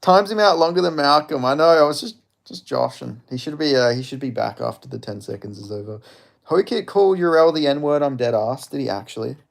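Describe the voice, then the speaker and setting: A young man's creaky, medium-pitched voice comes across animated and fairly quick. He's hosting a fight watch-along, chatting casually with viewers while swearing often, joking and laughing a lot.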